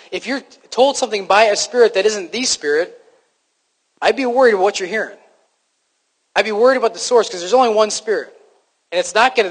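A man with a high voice delivers a sermon in an easy, conversational way, often stumbling and restarting, and poking fun at himself. His words ring out with a long reverb, as in a large church hall. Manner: conversational, self-deprecating, frequent restarts. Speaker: preacher.

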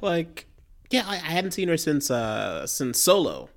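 A woman with a notably low voice chats casually about a TV show as co-host. Her pitch swings widely as she talks. She is chatty and hesitant, filling gaps with little fillers. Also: big pitch swings, a little slow. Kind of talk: casual chat reviewing a TV show.

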